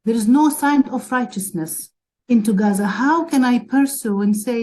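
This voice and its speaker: A woman's voice: fairly high pitch, moderate pace, warm tone, poor audio. A woman from Palestine speaking as a webinar panelist, emotional and urgent as she argues for advocacy. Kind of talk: impassioned advocacy talk.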